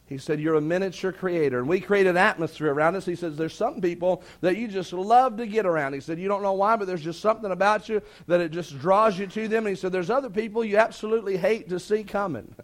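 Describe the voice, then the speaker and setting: A preacher with a notably high voice delivers a sermon in a folksy storytelling manner. He retells an anecdote and voices the people in it as he goes. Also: fast, few pauses.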